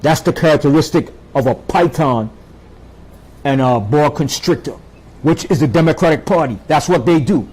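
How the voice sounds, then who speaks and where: A man's voice: fairly high pitch, moderate pace, darkish tone, husky, poor audio. A man preaching a sermon, emphatic, with dramatic swings and rhetorical questions to his listeners.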